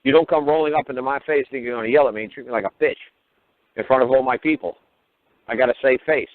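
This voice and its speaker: A man's voice: medium pitch, fast, dry recording. A blunt man telling a profane story, swearing heavily and acting out both sides of an argument, heard over a phone-like line. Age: older. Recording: tinny phone-line audio.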